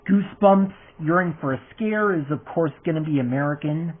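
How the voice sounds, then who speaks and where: A man's voice: on the high side, brisk. A young man vlogging casually about his fan series, rambling and hesitant with many fillers. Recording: tinny phone-like recording, faint hiss.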